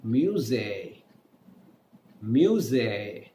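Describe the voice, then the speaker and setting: A man's voice: mid-range voice, lively intonation, slow, warm tone, slight background noise. A man teaching an online French lesson, spelling words letter by letter and drawing out each pronunciation. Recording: echoey room with faint ambience.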